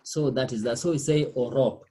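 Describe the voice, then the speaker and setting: Man, French tutor, patient, repetitive, mellow tone, faint background noise. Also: mid-range voice, normal speed. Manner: patient, repeats words and checks with "okay?". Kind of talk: one-on-one language lesson.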